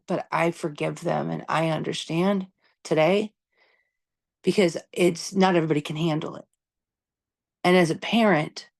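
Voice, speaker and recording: A woman in her fifties with a somewhat low voice talks straight to her listeners in a casual podcast monologue. She is candid and emphatic, tossing in "you know" and "right?" and swearing without fuss. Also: creaky, darkish tone. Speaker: podcast host.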